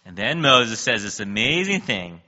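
A man delivers a conversational sermon with a very bright, edgy tone and a lively, swooping pitch. He jokes, laughs often and acts out scripture dialogue with big jumps in pitch. The recording sounds dull and lo-fi. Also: normal speed. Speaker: pastor.

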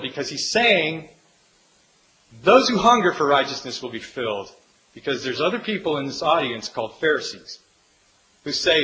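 A man preaching a sermon as pastor to a congregation, earnest, swinging between hushed pleading and emphatic declaration. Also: on the high side, expressive, normal speed, pauses often, rough recording.

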